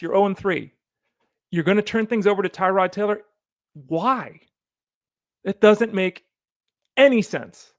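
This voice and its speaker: A man hosting a solo fantasy football podcast, animated and opinionated, talking straight to the listener. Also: sits high, gravelly, no echo, clean studio sound. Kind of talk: solo sports podcast commentary.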